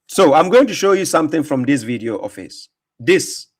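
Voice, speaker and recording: A man's voice: on the high side, big pitch swings, normal speed, darkish tone. A man hosting a reaction commentary, talking in a mocking, emphatic way, laughing often and repeating words. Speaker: host reacting to a video.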